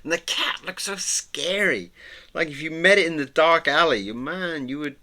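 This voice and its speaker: A middle-aged man who hosts an art channel, chatting casually while he draws, rambling and sentimental, with soft murmured asides and frequent chuckles. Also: fairly high pitch, moderate pace. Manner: chuckles often. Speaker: artist and channel host. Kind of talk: casual chat while drawing.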